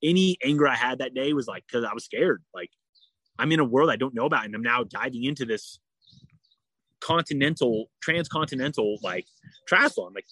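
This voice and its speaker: A man's voice: mid-range voice, animated, moderate pace, pushed and bright, no echo. Guy rambling thru his story, lots of likes and you knows, dry close sound. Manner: rambling, frequent "like" and "you know" fillers. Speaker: endurance athlete guest. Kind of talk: casual interview storytelling.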